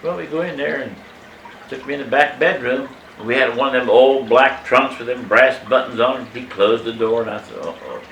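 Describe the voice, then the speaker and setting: A man in his eighties telling a family story from his childhood in a casual, animated way, emphatic and salty, chuckling as he goes. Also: medium pitch, normal speed, a little hiss or hum. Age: 80s. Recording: echoey room, mic at a distance.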